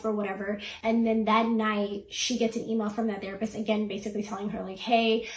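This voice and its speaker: A woman's voice: mid-range voice, level tone, brisk, few pauses, roomy sound, rough recording. A woman hosting a reaction channel, casually recapping someone's story in a chatty way, quoting the people involved with lots of fillers. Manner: chatty, retells with quoted voices and fillers.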